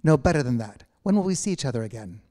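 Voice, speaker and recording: A man's voice: medium pitch, big pitch swings, fast, mellow, close to an everyday voice. A man reading an eager, insistent young woman. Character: animated young woman pressing her old friend.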